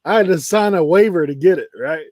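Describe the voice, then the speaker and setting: A man's voice: high-pitched, a little fast, a crowd in the background. A man telling rambling stories in a casual chat, laughing often. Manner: laid-back rambling storyteller, laughs often. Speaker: co-host reseller.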